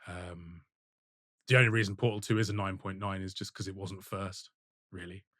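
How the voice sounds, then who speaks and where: A man co-hosting a gaming podcast in casual chat, talking in animated, emphatic bursts and laughing often. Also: sits low, normal speed, dry recording, clean studio sound. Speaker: podcast co-host.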